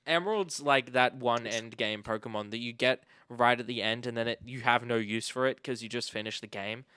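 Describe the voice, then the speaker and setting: A young man from Australia hosting a casual podcast chat, rambling and animated, with the odd swear. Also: medium pitch, fairly quick, clean tone, no echo, studio quality. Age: young adult. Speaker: podcast host.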